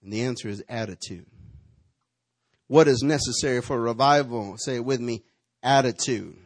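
A pastor preaching a sermon, calling on the congregation to answer him, moving from hushed asides to rousing calls. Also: male voice, mid-range voice, normal speed, no room sound. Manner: preachy call-and-response, shifting from hushed to rousing.

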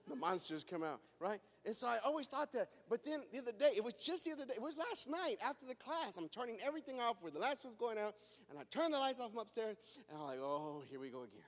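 A man preaching a sermon, telling self-mocking personal stories in an animated way in a church building. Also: extremely high pitch, quick pace. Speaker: pastor. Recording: long reverb of a large hall.

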